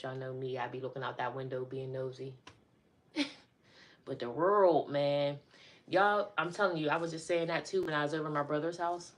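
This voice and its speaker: A middle-aged woman chatting casually on a live stream, talking to her viewers as y'all. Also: low voice.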